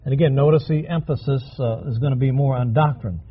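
A man's voice: medium pitch, quick pace, breathy edge, narrow, tinny audio. A male preacher giving a sermon, emphatic and repeating key phrases for stress.

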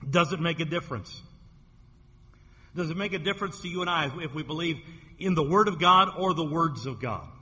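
A man preaching a sermon as pastor, emphatic and slowing down to stress key phrases, losing his voice and coughing at times. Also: a little high, sharp tone, husky, in a large hall. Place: church sanctuary.

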